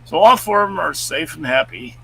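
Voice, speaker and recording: A man co-hosting a live stream, chatting casually and reading out news stories in a loud, booming voice. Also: expressive, fairly quick, gravelly, breathy edge, poor audio. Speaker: co-host.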